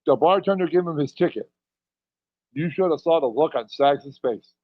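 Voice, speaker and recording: A man's voice: on the high side, lively intonation, normal speed, no echo. A middle-aged man, a pro wrestler as podcast guest, telling rambling anecdotes and chuckling between lines. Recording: dull, dry lo-fi audio.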